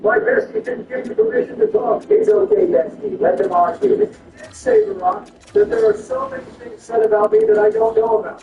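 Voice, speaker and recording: A man performing a comedic skit over gameplay, switching between a deep bossy voice and high whiny ones. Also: vocal fry, dark tone. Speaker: gaming video creator. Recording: roomy, distant, dull sound with faint music.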